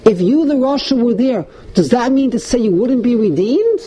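A man teaching a text-study class, animated, mixing Hebrew and Yiddish terms into his English and jumping up in pitch to stress points. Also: moderate pace, low-quality recording. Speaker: Torah teacher.

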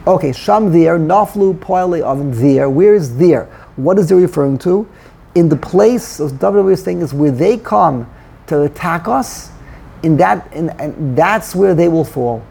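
A man leads a Torah study class with a gravelly, husky voice. He explains the text, weaving Hebrew terms into his English. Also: a little high, lively intonation, a little slow, warm tone.

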